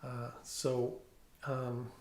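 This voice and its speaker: A middle-aged police officer giving a personal testimony at home, talking haltingly with many fillers and restarts. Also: male voice, medium pitch, monotone, a little mellow, reverberant. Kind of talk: personal testimony, reading from notes. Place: room at home.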